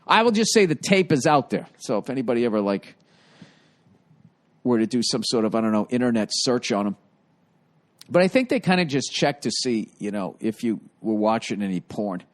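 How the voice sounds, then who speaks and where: A man's voice: medium pitch, sing-song, moderate pace. A man hosting a podcast, telling stories in a casual comedic monologue, with profane, rambling delivery. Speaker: podcast host.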